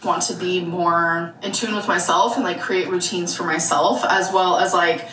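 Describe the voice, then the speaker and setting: A woman's voice: on the low side, little pitch movement, moderate pace, a bit bright, soft background music. A woman chatting through a casual haul vlog in a rambling, chatty way. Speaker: vlogger. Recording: echoey room, voice from far off.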